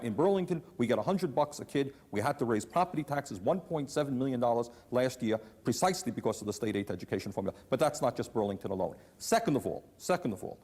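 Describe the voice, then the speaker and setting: A man argues insistently in a televised debate, hammering his points home. He talks fast with a husky edge, and his voice carries a long studio reverb from an old broadcast. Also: mid-range voice, a little mellow. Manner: emphatic, insistent, repeats key phrases. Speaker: city mayor and candidate in a televised debate. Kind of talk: debate argument.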